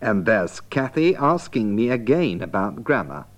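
Man narrating a lesson, lively low voice. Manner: slow, deliberate, explanatory. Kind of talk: scripted narration for learners.

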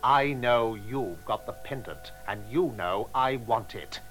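An actor playing a cold, threatening gangster with a gun in a radio drama for language learners. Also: male voice, medium pitch, slow pace, fairly bright tone. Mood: menacing. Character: menacing male gangster with a gun.

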